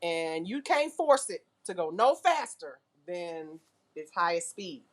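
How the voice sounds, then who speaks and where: A woman teaching a nail class, lively and full of questions to her students. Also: fairly low pitch, slow. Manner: lively, asks the class questions, uses car comparisons. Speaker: nail instructor. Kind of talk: classroom lecture.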